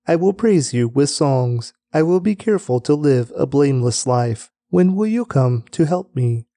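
A man giving a daily Bible reading aloud, with a measured, even delivery and slow, deliberate headings. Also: on the high side, dry recording. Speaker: scripture reader.

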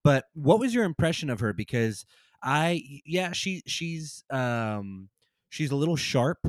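A man's voice: fairly high pitch, measured pace, dry recording. A man co-hosting a film podcast, rambling casually and acting out quotes as he talks. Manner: rambling, animated, acts out quotes. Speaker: podcast co-host.

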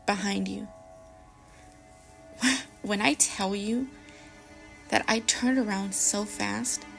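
A young woman hosting a podcast, reading scary stories aloud dramatically and dropping to a hush at tense moments. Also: medium pitch, vocal fry. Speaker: podcast host.

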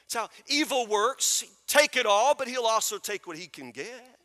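A man with a very high, bright voice preaches a sermon, pressing his points again and again and asking his listeners if they understand. His voice rings with a long reverb in a big hall. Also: expressive, normal speed. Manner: emphatic, repeats phrases, asks the crowd questions. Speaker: pastor.

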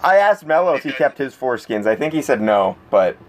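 A man's voice: medium pitch, fairly quick, noisy background. A man hosting a casual podcast, telling stories with lots of acted-out quotes and laughter. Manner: animated storytelling, acts out quotes, laughs a lot. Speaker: podcast host.

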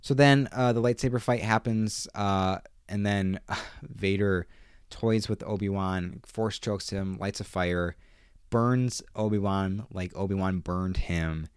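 A man with a deep, low voice talks through a show episode in a casual recap, excited and emphatic, doubling back on his words to hammer points home. The sound is dry and close, with no room around it. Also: unhurried, clear, resonant tone, no room sound. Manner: excitable, emphatic, repeats himself.

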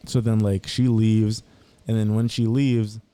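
A man's voice: lowish voice, flat delivery, a little slow, warm tone, smooth, no room sound. A young man telling rambling work stories in casual chat with friends, full of slang and laughter. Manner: laid-back, rambling, New York slang. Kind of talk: casual storytelling among friends.

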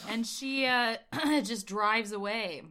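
A woman's voice: on the high side, takes it slowly. A woman co-hosting a casual podcast, recapping a film in a playful way and sometimes mimicking characters. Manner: animated, playful, does mock voices of characters. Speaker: podcast co-host. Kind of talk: casual movie-discussion chat.

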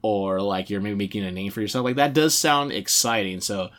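Male co-host, low voice, chatty and rambling, animated gamer talk. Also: fairly quick. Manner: rambling, heavy use of "like", animated. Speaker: podcast co-host. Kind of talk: casual chat about video games.

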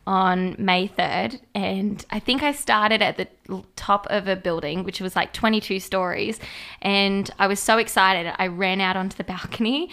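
A young Australian woman, a singer-songwriter guest, telling stories in a bubbly, animated way during a casual radio interview. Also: mid-range voice, moderate pace, creaky.

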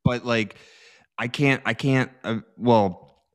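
A man's voice: medium pitch, takes it slowly, clean tone. A man who works in morning radio, talking hesitantly about himself in casual chat. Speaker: radio host.

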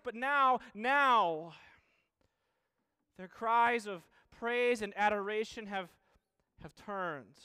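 A man preaching a sermon, earnest, asking the same questions again and again with pauses and restarts. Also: high voice, sharp tone, clear, resonant tone.

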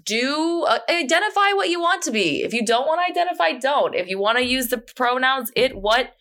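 A woman's voice: high voice, big pitch swings, fairly quick, a bit bright. A woman co-hosting a podcast in casual chat, talking in an emphatic, encouraging way. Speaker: podcast co-host.

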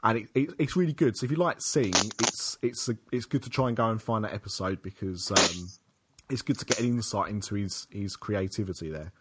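Low-voiced man in casual chat. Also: fairly quick, heavy background noise. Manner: conversational, hesitant with restarts and fillers. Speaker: podcast co-host.

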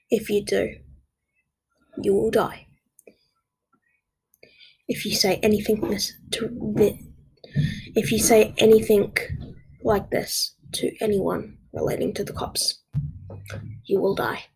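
Menacing male captor in a horror story, voiced by a woman, breathy and half-whispered, slow and deliberate threats. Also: a little mellow, full character voice, rough recording. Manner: low, threatening warnings. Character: menacing man who captured the teller.

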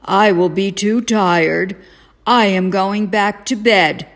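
A woman voicing a sleepy, grumpy male toad in a children's storybook read-aloud, grumbling low and reluctantly. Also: takes it slowly.

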